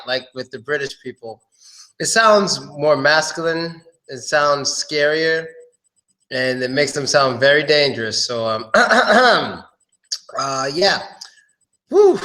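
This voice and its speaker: A man teaching English pronunciation in a casual live online lesson. He talks in a loose, chatty way, repeats words and often clears his throat. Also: on the high side, sharp tone, poor audio.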